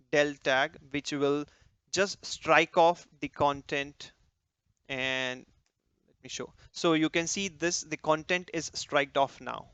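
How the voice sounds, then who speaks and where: A man teaching a coding tutorial over a screen recording, talking while he types and trailing off quietly as he edits, with small restarts and slips. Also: fairly high pitch, clean tone, dry recording. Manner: talks while typing, trails off softly during edits. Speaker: coding instructor.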